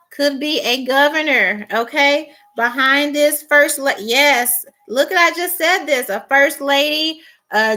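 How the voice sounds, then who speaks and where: A woman with a high-pitched, pushed and bright voice gives a tarot reading. She is emphatic, keeps repeating "okay?" and "all right?", and acts out the people she quotes.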